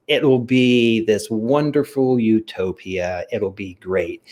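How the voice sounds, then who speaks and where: A man's voice: mid-range voice, dark tone. A man co-hosting a podcast, explaining at length in a casual way, with frequent "you know" fillers. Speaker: podcast co-host. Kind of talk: casual discussion.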